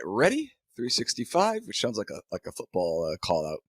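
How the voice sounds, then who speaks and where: Husky man hosting a podcast, sore throat. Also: lowish voice, huge pitch swings, fairly quick, hardly any pauses, dry recording. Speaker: podcast host. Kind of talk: casual podcast chat.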